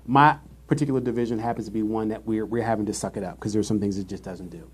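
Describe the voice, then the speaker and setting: A man's voice: lowish voice, steady tone, quick pace, breathy edge. A man co-hosting a casual live-streamed chat show, telling a workplace story with sassy asides. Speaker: podcast co-host.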